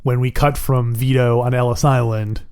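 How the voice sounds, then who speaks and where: A man's voice: mid-range voice, little pitch movement, moderate pace, a little mellow, smooth. A man co-hosting a podcast, chatting casually and playfully about a film, often laughing. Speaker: podcast co-host.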